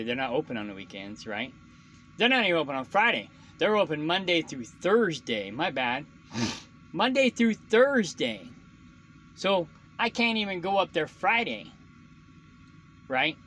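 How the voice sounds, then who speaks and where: Man, trucker vlogger, venting rant, sharp tense voice, some swearing, faint hiss behind. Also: a little high, rough recording. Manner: frustrated, ranting, swears often. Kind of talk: casual venting monologue.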